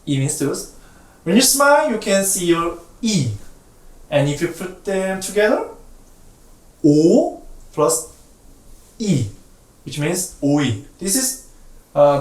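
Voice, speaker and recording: Playful language teacher in a roomy space. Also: mid-range voice. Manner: drills sounds with repetition and jokey comparisons. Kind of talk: playful beginner language lesson. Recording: roomy, distant mic, faint music behind.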